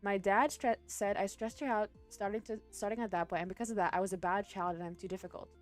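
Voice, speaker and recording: A woman streamer reading online posts aloud and reacting to them, breaking into loud cursing outbursts between passages. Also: mid-range voice, steady tone, fast, soft background music.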